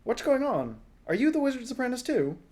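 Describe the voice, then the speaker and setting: Man voicing teen boy, earnest, insistent, high-pitched, loud, storybook. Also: sing-song, brisk. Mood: anxious.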